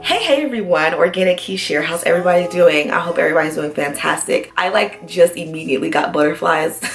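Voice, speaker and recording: A woman's voice: fairly low pitch, a little fast, a bit bright, reverberant, faint music behind. A woman vlogging to her subscribers, speaking in a casual, heartfelt way with nervous chatter and fillers. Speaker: YouTube vlogger. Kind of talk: casual heartfelt talk to camera.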